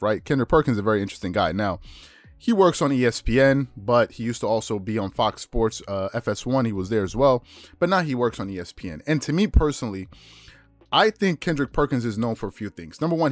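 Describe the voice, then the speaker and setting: Fast-talking male sports show host. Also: mid-range voice, no echo. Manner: fast, chatty, repeats and restarts phrases. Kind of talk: casual sports commentary monologue.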